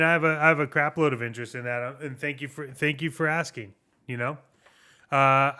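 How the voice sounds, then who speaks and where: A man's voice: medium pitch, pushed and bright, smooth. A man co-hosting a casual video game podcast, rambling through thoughts, restarting his sentences and swearing casually. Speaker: podcast co-host. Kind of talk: casual chat about video games.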